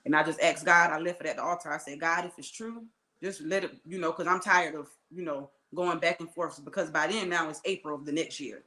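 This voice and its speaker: Earnest woman telling her story, bright voice. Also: sits low, fairly even intonation, brisk, reverberant. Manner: earnest storyteller, many "you know" asides, acts out quoted dialogue. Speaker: interview guest. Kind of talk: personal life story told in conversation.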